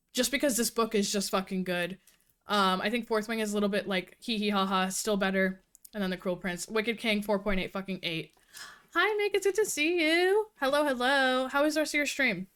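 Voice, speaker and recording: A woman livestreaming casual chat with her viewers, talking fast and cursing freely, a little out of breath. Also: medium pitch, lively intonation, a bit bright, clean tone. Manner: fast-talking, profane, giggly. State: slightly out of breath. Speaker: livestreamer reviewing books.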